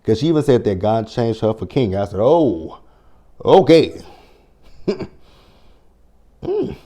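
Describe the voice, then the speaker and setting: A man's voice: lowish voice, sing-song, measured pace, mellow. A man recapping a reality TV show in a sassy, blunt, profane way, quoting his own reactions as he goes. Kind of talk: casual recap commentary.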